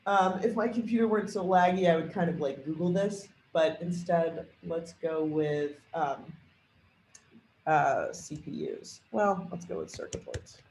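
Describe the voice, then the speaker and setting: A man leading a software training demo, thinking aloud with a lot of fillers and hesitation. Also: a little high, measured pace, slight background noise. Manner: rambling, hesitant, many fillers. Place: at a computer. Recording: echoey room with faint typing.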